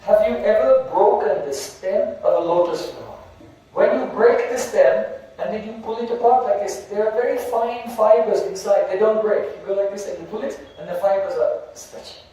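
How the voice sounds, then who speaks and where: A man's voice: high-pitched, moderate pace, dark tone. A man giving a sermon, explaining Sanskrit verses word by word and chanting syllables. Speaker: spiritual teacher. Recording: very echoey hall, heard from a distance.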